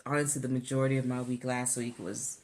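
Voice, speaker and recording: Tired woman chatting animatedly. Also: fast talker. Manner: animated, laughing, rising pitch when exasperated. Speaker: co-host of a weight-loss vlog. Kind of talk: casual chat.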